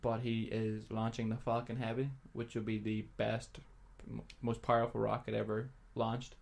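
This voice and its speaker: A man's voice: fairly low pitch, monotone, normal speed, creaky. A young man co-hosting a podcast in casual chat, chatty, laughing often and swearing. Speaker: podcast co-host.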